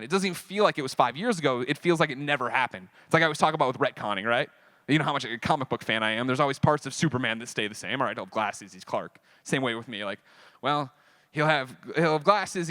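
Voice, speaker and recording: Bright-voiced man telling a personal story. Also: a little high. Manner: emotional, swearing, swings from quiet to loud. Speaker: speaker telling his story on stage. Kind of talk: personal storytelling to a live audience. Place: convention stage.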